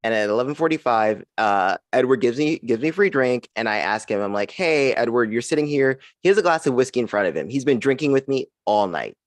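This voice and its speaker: Animated man in his forties doing stand-up. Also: mid-range voice, brisk, few pauses, no echo. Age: 40s. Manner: animated storytelling with big voice swings. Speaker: stand-up comedian. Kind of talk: stand-up set.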